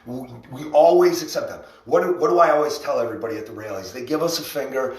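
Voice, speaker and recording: A man's voice: mid-range voice, quick pace. A man hosting a casual motivational livestream, giving a rambling, enthusiastic pep talk about rallies, often breaking into laughs. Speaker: livestream host and rally organizer. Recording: echoey room, far from mic.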